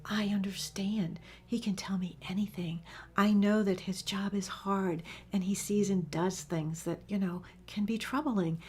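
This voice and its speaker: A woman voicing a cheerful, devoted male rescue dog who loves caring for others, speaking with breathless, gushing enthusiasm in a slightly breathy voice. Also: mid-range voice, steady tone, unhurried, darkish tone.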